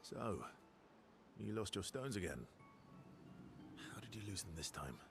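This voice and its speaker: A dry, deep game hero. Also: male voice, big pitch swings, a little slow. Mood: wry. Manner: dry and teasing. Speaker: video game character. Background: game music.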